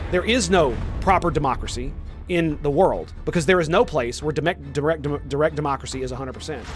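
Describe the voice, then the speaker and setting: A young man streaming a game, arguing heatedly with his chat, swearing and firing off rhetorical questions. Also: fairly high pitch. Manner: heated, profane ranting at chat; argumentative, fires rhetorical questions. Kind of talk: casual live-stream chat.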